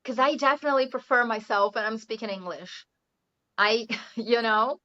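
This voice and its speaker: A woman's voice: fairly high pitch, fairly even intonation, normal speed, sharp tone, highs cut off. A Brazilian woman, an English teacher, speaking English in a chatty interview and often adding "you know" and light laughs. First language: Portuguese. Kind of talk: casual interview chat.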